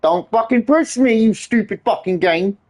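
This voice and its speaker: A man's voice: high voice, animated, moderate pace, darkish tone. A man ranting and swearing nonstop as he streams a game. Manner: exasperated ranting, heavy swearing. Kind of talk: livestream gaming commentary.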